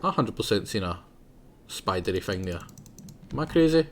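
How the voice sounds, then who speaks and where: A man's voice: lowish voice, sing-song, normal speed, a little hiss or hum. A young man rambling casually through live gameplay commentary, chatting to himself and laughing often. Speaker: game streamer.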